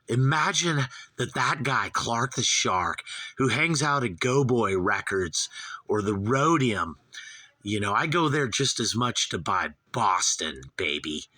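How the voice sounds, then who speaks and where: A man's voice: fairly low pitch, sharp tone, dry recording. A man in his fifties from Southern California, hosting a rambling, profane, gushing album review. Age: 50s. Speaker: host.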